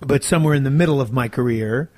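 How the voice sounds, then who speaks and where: A man in his forties, an actor being interviewed, talking in a chatty, animated way and sounding tired. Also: mid-range voice, quick pace, no echo. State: tired, yawning. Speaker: actor and sitcom co-creator. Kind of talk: casual interview talk.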